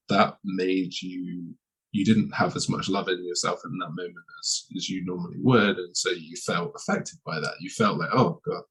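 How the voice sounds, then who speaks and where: Male podcast host, deep husky voice, enthusiastic, rambling. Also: poor audio. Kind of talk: podcast conversation.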